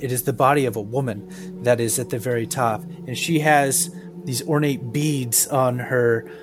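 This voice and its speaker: A man's voice: medium pitch, fairly even intonation, moderate pace, music in the background. A man hosting a tabletop podcast and narrating the scene as game master, with loose, filler-filled description.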